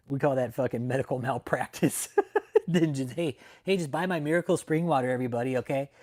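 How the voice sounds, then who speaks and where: Talking to his chat, a livestream host keeps things casual, profane, and mocking, laughing often and calling out viewers by name. He has a mid-range, dark-toned voice.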